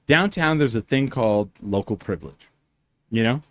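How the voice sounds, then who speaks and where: A man hosts a casual chat show and spins loose, profane stories. He keeps slipping into quick impressions of the people he is describing. The sound is dry and close, with no room around it. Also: medium pitch, animated, dry recording. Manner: rambling, profane, acts out quotes in voices. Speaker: podcast host.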